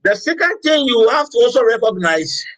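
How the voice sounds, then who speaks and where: A man preaching a sermon as pastor, emphatic, repeating phrases and shouting out words now and then. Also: extremely high pitch, sing-song, moderate pace, low-quality recording.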